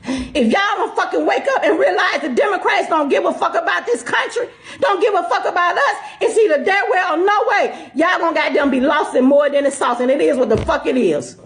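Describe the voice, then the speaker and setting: A woman in a furious, profane on-camera rant, tearful and shouting, her voice breaking. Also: very high-pitched, fairly quick. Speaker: social media commentator.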